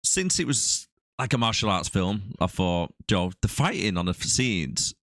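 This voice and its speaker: A man's voice: on the low side, very animated, moderate pace, a bit bright, no echo, studio quality. A man co-hosting a casual movie review podcast, easygoing as he shares trivia. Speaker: podcast co-host.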